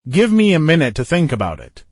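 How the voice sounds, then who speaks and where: Lively-voiced man reading practice phrases. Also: on the high side, brisk, dry recording, studio quality. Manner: reads each short phrase, then a longer sentence. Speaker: English teacher. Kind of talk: reading example phrases for learners.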